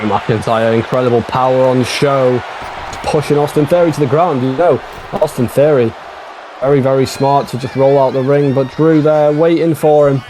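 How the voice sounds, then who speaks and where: A male color commentator chats loosely about a wrestling match. He swears and keeps saying "mate", and steady background noise runs under his voice. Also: medium pitch, moderate pace. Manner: chatty, swearing, says "mate" a lot.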